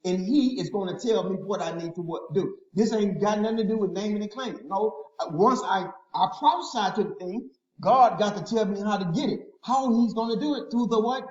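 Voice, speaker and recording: A man's voice: sits high, fairly quick, few pauses, a little mellow. A man preaching a sermon in a call-and-response style, informal and emphatic, often asking the listeners to finish his sentences. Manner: asks the congregation to fill in words. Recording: echoey, dull lo-fi room sound.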